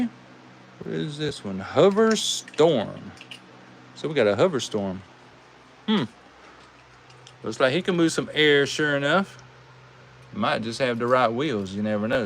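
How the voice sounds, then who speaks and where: A man's voice: medium pitch, slight background noise. A man with a Southern US accent, hosting a live toy car race and giving casual, folksy commentary. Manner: folksy, drawn-out, says "y'all". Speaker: host racing toy cars.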